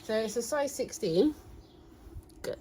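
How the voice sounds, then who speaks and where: A woman's voice: on the high side, expressive, a little slow, mellow, a little hiss or hum, poor audio. A woman chatting casually in a haul video, enthusiastic as she shows her finds indoors at home. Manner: chatty, enthusiastic, showing items. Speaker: reseller vlogger, co-host.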